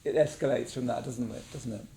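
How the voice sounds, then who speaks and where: Brisk and gravelly, with a dark tone, mid-range pitch and fairly even intonation, a man from England teaches mindfulness in a meditation class room. His style is conversational, and he keeps checking in with the group by asking "yeah?".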